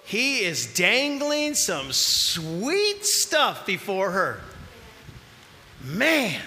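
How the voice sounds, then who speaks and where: Preacher, male, high and lively delivery, slow and deliberate, echoing hall. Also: a little hiss or hum. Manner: animated, acts out voices in the scripture, shouts at peaks. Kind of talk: sermon.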